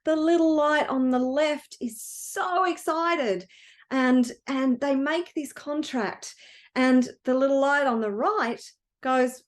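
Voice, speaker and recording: High-voiced woman giving a motivational talk. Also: slow. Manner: earnest and emotional. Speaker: wealth coach.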